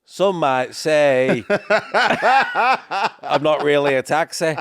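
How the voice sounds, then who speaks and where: A man's voice: medium pitch, level tone, quick pace, a little hiss or hum, lightly acted. A man doing a whiny English taxi driver. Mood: mock-apologetic.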